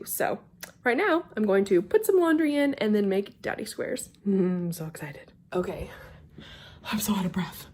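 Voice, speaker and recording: A young woman chatting casually to her handheld camera at home, excitable and a little stuffy from a sinus infection, with laughs and whispered asides. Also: mid-range voice. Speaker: vlogger. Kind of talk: casual vlog chat to camera. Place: at home, in a house. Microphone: handheld camera filming herself.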